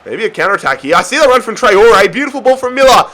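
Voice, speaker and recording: A young man giving excited, often yelled commentary on his own football video game match. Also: high voice, quick pace. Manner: excitable, yells at big moments. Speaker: gaming YouTuber.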